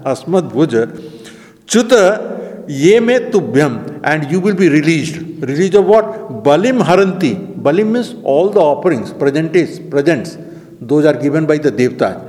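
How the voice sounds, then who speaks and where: A man leads a scripture class, reading out verses and breaking them down word by word at a medium pitch. His voice rings with a long hall reverb. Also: a little mellow. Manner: reads Sanskrit verses then explains word by word. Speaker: scripture teacher.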